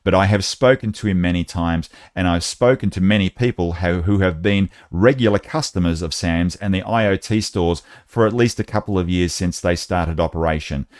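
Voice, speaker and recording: Man, low voice, dry close sound, chatty host update, talks to viewers as guys. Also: normal speed, hardly any pauses, a little mellow, dry recording. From Australia. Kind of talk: casual update video.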